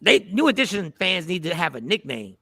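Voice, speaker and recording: A man co-hosting a show, bantering casually in an animated, joking, slangy way. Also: high voice, fairly quick, creaky, dry recording. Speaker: radio show co-host.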